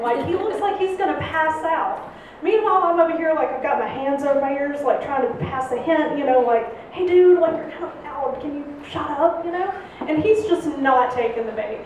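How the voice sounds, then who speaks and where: Animated woman telling a story live. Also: normal speed. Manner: animated, acts out voices with big pitch jumps, laughs often. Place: stage at a live storytelling show. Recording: roomy live venue, heard from a distance, faint room noise.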